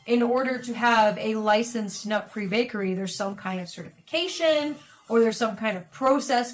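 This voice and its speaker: A woman chatting and telling stories during a game session. Her voice sits fairly high and her delivery is lively and exasperated. Faint music plays underneath. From Canada. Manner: animated, exasperated storytelling. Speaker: co-host, bakery owner. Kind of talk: casual storytelling while gaming.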